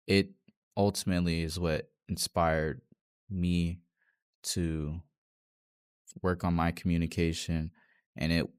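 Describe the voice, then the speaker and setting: A man in a casual conversation who speaks earnestly and often agrees with the other speaker. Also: deep voice. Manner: affirming, often says "right", earnest.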